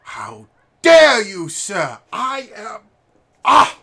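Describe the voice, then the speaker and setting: A man's voice: sing-song, slow pace, bright, forceful tone, heavily acted. A man voicing a pompous, posh young aristocratic boy who is haughty and indignant in a tabletop game. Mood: outraged. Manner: haughty, indignant, shrill outbursts.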